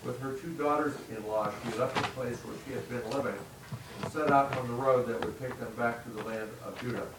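A man reading a scripture passage aloud in a plain, unhurried way. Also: medium pitch, fairly even intonation. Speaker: scripture reader. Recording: distant echoey mic with background noise.

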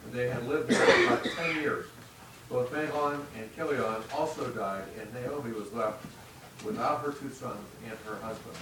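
A man reading a scripture passage aloud in a plain, unhurried way. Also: mid-range voice. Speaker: scripture reader. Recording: distant echoey mic with background noise.

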